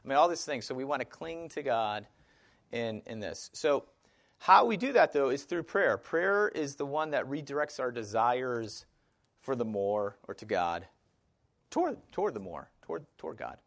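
A man's voice: medium pitch, very animated, moderate pace, a bit bright. A man with a Wisconsin accent teaching a Bible study class, speaking conversationally with fillers and questions to the group.

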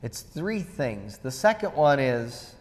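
Unhurried casual pastor, hall reverb. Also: male voice, mid-range voice, sing-song. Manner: casual, questioning, acts out quotes. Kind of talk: conversational sermon with whiteboard.

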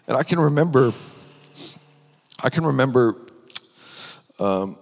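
A man sharing a personal testimony in a sermon, earnest and halting, with small laughs between thoughts. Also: mid-range voice, expressive, gravelly. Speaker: minister. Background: music.

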